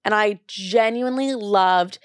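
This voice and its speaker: A woman's voice: medium pitch, a little slow, clean tone, no echo, clean studio sound. A young woman hosting a podcast, telling her own story in a candid, chatty way, swearing freely and acting out what people said to her. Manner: chatty, profane, animated quoting of others. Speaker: podcast host.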